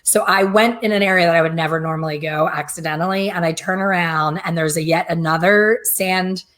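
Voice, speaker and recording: A woman's voice: on the low side, steady tone, brisk, a bit bright. A middle-aged woman telling stories in casual chat, often quoting others in a chatty way. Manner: chatty, storytelling, quotes others. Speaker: hair color educator.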